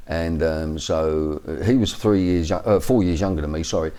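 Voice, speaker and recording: A warm, rumbling low voice at normal speed belongs to a Cockney man in his fifties. Interviewed about his life, he wanders through the account with plenty of fillers and false starts.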